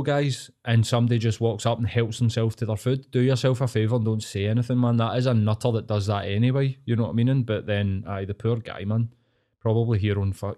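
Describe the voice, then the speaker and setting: A man with a Glaswegian Scottish accent, co-hosting a podcast, telling stories in a casual, sweary, animated way. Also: on the low side. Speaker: podcast co-host. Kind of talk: casual chat.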